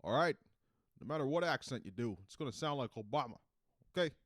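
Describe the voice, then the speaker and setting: A man putting on an impression of a famous politician, speaking deliberately with emphatic pauses. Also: mid-range voice, expressive, no room sound, clean studio sound, pitched above the performer's own voice, close to an everyday voice. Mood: lecturing.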